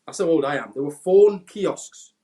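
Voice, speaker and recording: A Welsh man in his forties, a former footballer, telling animated anecdotes in casual chat and mimicking people in a raised voice. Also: normal speed. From Wales. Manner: animated anecdotes, acts out quotes in a high voice. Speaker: former footballer, podcast guest. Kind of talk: casual storytelling.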